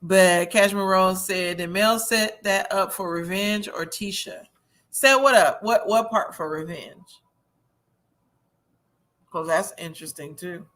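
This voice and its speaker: Bright-voiced, gossipy woman host, a bit tipsy. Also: lowish voice, fairly even intonation, slow pace. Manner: chatty, gossipy, laughs often. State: a little tipsy. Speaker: host of a reality-TV review livestream. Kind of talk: casual livestream chat reading viewer comments.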